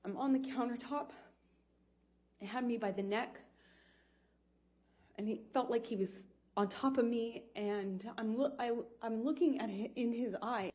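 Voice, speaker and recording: A woman gives witness testimony in a courtroom, her mellow, slightly high voice picked up by the room's microphone. She talks haltingly, breaking off and starting sentences again. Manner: halting, with restarts and pauses.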